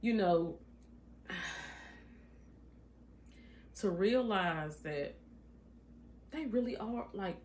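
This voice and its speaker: A woman's voice: mid-range voice, expressive, extremely slow, long pauses, darkish tone, a little hiss or hum. Outspoken woman in heartfelt chat. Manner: outspoken, heartfelt, talks in a casual colloquial way. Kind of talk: candid conversational podcast chat.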